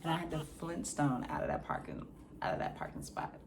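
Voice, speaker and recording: Low-voiced woman telling a dramatic story. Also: fairly quick, creaky, over a noisy crowd. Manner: animated, dramatic, slangy storytelling; acts out scenes with sound effects. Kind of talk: casual storytime.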